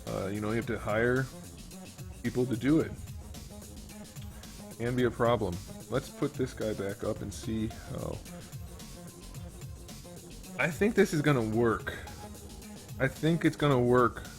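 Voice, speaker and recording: A man's voice: mid-range voice, measured pace, pauses often, soft background music. A man hosting a casual modeling tutorial, rambling and thinking aloud while he works. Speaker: YouTube host and 3D modeler.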